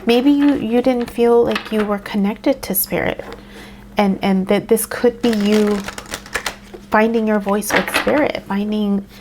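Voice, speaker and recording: A woman giving a casual tarot reading, talking in a meandering way with frequent ums and soft laughs. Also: medium pitch, fairly even intonation, measured pace, noisy background. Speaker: tarot reader.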